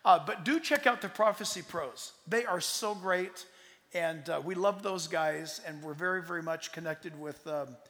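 A man in his sixties, a pastor answering audience questions in an emphatic, rambling way that swings between loud and soft. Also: sits high, moderate pace. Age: 60s. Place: large hall with audience. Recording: long hall reverb.

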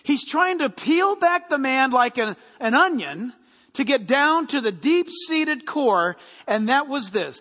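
A man preaching a sermon as a pastor, animated and full of rhetorical questions. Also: very high-pitched, big-room sound.

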